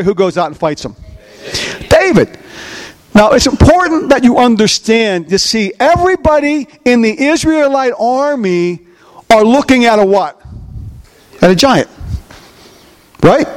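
A pastor preaching a sermon, asking his listeners questions and repeating key phrases. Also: very high-pitched. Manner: asks the crowd rhetorical questions, heavy repetition. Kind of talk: sermon, discipleship teaching.

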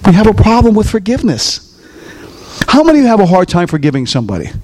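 A man's voice: high voice, very animated, fast talker, a little mellow. A man preaching a sermon as pastor, telling stories and putting questions to his congregation in church. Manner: storytelling, asks the congregation questions.

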